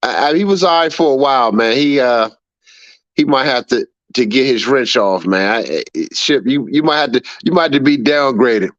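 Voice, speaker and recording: A man's voice: mid-range voice, normal speed, fairly bright tone, no echo, lo-fi sound. A man hosting a livestream and reading chat aloud, laughing often, repeating himself and scolding a viewer. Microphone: streaming setup mic.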